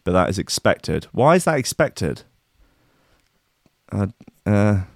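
A man with a lowish voice chats through the news in a casual commentary style. He reads items aloud and breaks off into irreverent, profane asides. The sound is dry and close to the mic. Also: dry recording. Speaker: podcast host.

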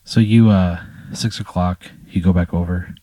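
A man's voice: deep voice, steady tone, normal speed, warm tone, no echo. A man narrating a tabletop game as game master, in a casual, profane storytelling manner.

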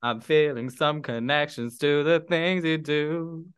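Playful podcast host quizzing guests. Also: male voice, on the high side, measured pace, a bit bright, clear, resonant tone. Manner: playful, teasing, counts down. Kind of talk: casual chat, quickfire game questions.

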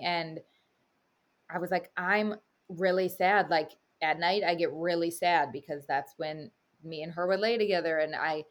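Candid lower-voiced woman podcaster. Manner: candid, open, talks through feelings. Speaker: podcast co-host. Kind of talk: casual chat.

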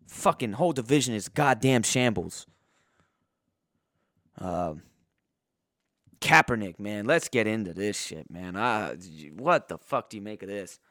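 A man ranting about sports in crude, profane language, his voice going hoarse. He swings between loud outbursts and low muttering. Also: expressive, measured pace, long pauses, no echo, clean studio sound. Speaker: sports podcaster. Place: indoors.

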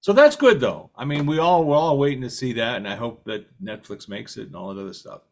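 A man hosting a relaxed conversation, asking his guest many questions. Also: mid-range voice, fairly quick. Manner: animated, asks many questions. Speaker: podcast host. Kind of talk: casual conversation.

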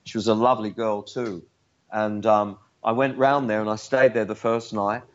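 A man's voice: lowish voice, level tone, normal speed, highs cut off. An older Australian man, a musician guest, telling blunt, profane stories in a casual interview. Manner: blunt, profane storyteller who acts out voices.

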